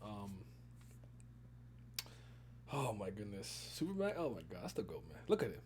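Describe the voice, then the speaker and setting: A young man hosting a casual movie review chat, animated and swearing, often laughing. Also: lowish voice, moderate pace, a little hiss or hum. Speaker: podcast host.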